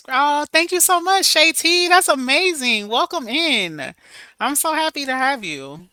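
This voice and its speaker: Lively, sassy young woman livestreaming. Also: high voice, measured pace, dry recording. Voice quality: animated, sassy, emphatic. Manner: drops to a soft murmur reading viewer comments. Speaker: livestream host reading chat. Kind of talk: casual livestream chat.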